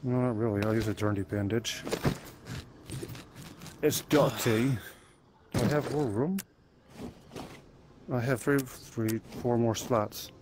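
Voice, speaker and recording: A man's voice: medium pitch, slow, long pauses, noisy background. A man playing a zombie game, chatting playfully to himself and to the enemies as he goes. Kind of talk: let's play commentary.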